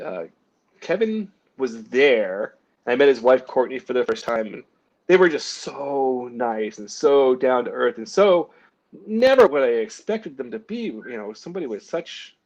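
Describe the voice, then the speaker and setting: A man's voice: mid-range voice, muffled recording. A man, a comic book artist, telling self-deprecating stories in a casual interview, acting out what others said and laughing at himself. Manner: animated anecdotes with lots of "like" and acted-out quotes; self-deprecating, frequent laughs and small coughs.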